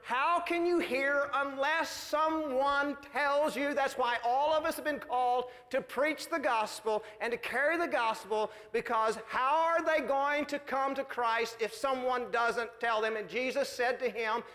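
Pastor with a high, bright voice. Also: male voice, measured pace, few pauses. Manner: animated storytelling, folksy asides. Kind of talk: sermon. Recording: reverberant hall.

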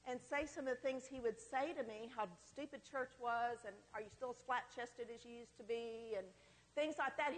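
Middle-aged woman sharing her story at a church thing, kinda high voice, chatty and frank, lots of hall echo. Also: a bit bright. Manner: candid, conversational, with self-deprecating humor. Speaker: speaker at a women's church gathering. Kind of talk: personal testimony talk. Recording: long hall reverb.

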